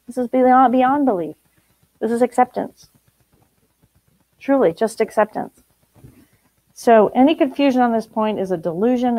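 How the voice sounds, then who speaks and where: A woman's voice: mid-range voice, darkish tone, dry recording, rough recording. A middle-aged woman teaching a spiritual group, blunt and emphatic, laughing often.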